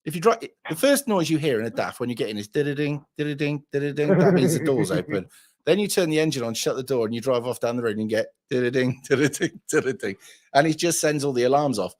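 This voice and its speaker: A man's voice: medium pitch, big pitch swings, fast talker, few pauses, darkish tone. A hungover man, hosting a livestream and chatting crudely, swearing and rambling. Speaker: livestream host. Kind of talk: crude casual chat.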